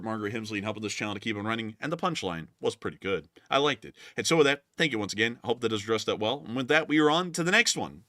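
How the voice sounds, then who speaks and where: A man's voice: mid-range voice, sharp tone, no echo, studio quality. A man co-hosting a live stream in casual chat, laid-back and laughing, repeating his thank-you phrases for donations. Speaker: co-host of a live news stream.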